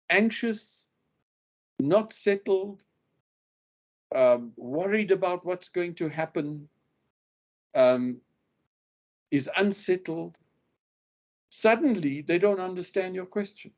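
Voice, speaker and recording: A man with a high-pitched voice takes his time, pausing often, and the recording has its highs cut off. He's a legal skills instructor showing lawyers how to question witnesses, acting out example questions and emphasizing key words strongly.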